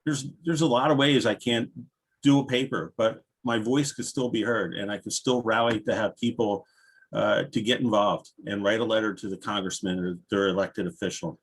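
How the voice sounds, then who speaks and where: A man's voice: fairly low pitch, fairly even intonation, normal speed, husky. A tearful man on a video call, giving heartfelt, rambling remarks as an advocate before introducing a speaker. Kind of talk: heartfelt remarks at a virtual panel.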